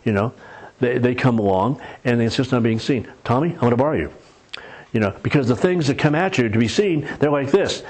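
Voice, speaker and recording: A man's voice: medium pitch, brisk, a little mellow. A man preaching a sermon in a conversational, storytelling way with folksy humor.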